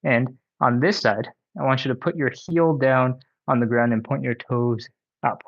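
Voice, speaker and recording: A man of medium pitch leads a home stretching session, counting reps and talking through each move in an easygoing, encouraging way. He sounds slightly winded from the exercise, and the recording is a little dull and lo-fi. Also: fairly even intonation, normal speed, gravelly. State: out of breath. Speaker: stretching instructor. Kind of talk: live workout instruction. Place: home workout space.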